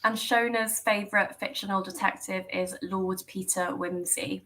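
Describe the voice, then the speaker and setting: Bright-voiced woman hosting a Q&A. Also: medium pitch, steady tone, moderate pace, rough recording. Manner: friendly, frequent ums, giggly. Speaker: host. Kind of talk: hosting a live online Q&A.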